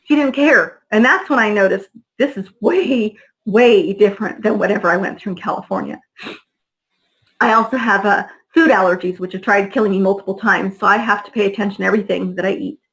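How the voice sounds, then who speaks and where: Talking fairly quickly in a mid-range, somewhat bright voice, this middle-aged interviewee relates her own story in conversation. Heated and blunt, she curses openly and mimics the people she quotes, over low-quality audio.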